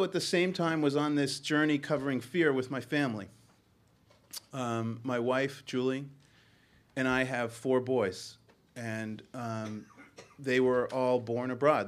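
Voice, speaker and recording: A middle-aged man from Boston, a newspaper journalist, telling a personal story to a panel in an earnest, halting way with many ums and restarts. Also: medium pitch, steady tone.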